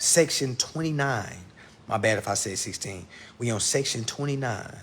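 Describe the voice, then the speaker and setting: A man giving a casual livestream lesson, blunt and profane, talking fast and addressing his viewers directly. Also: medium pitch, slightly rough. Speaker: online instructor.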